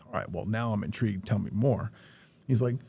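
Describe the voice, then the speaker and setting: A podcast host with a low, mellow, slightly husky voice, talking fast. He tells stories casually and slips into the voices of the people he quotes. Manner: animated storyteller, acts out quoted dialogue. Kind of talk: casual interview chat.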